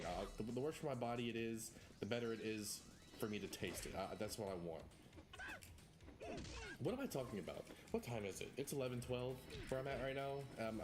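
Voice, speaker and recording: A man with a lowish voice streams a retro game, chatting casually and rambling with self-mocking asides. Game music plays behind his voice, along with background noise.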